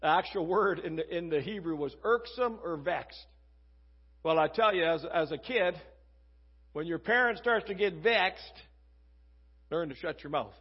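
A man's voice: a little high, animated, a little slow, long pauses, breathy edge, lo-fi sound. A man preaching a casual, conversational sermon, reading scripture and acting out quoted voices.

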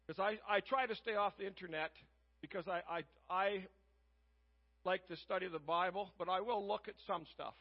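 A man preaching a sermon, retelling a Bible story and acting out the characters in lively voices. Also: sits high, dull audio. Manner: animated, acts out characters in different voices.

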